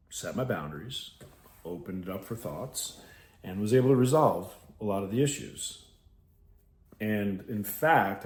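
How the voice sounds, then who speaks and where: Blunt, animated podcast host from New York. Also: male voice, deep voice. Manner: blunt, profane, laughs often. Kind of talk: reflective casual monologue with read passages. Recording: roomy echo.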